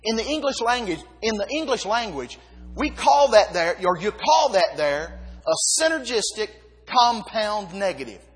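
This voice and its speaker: A man preaching a sermon, emphatic, dropping low and quiet then rising again. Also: sing-song, a little slow, slightly rough. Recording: long reverb of a hall.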